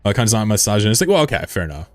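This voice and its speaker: A man's voice: on the low side, sing-song, very fast. A man streaming a game, chatting casually with his audience in a rambling, profane way and chuckling often. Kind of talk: casual live-stream commentary.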